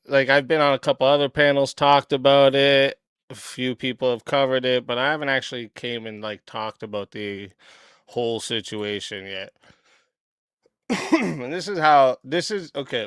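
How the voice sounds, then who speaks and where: A man hosting his channel, telling a story in a blunt, profane, casual way and clearing his throat often. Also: mid-range voice, a bit bright, dry recording, clean studio sound. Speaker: channel host.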